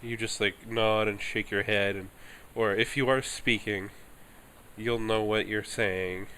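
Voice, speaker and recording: A streamer with a lowish, bright, forceful voice plays a story game, offering casual commentary at an unhurried pace with fairly even intonation. He reads dialogue aloud and mumbles offhand asides between lines, with slight background noise.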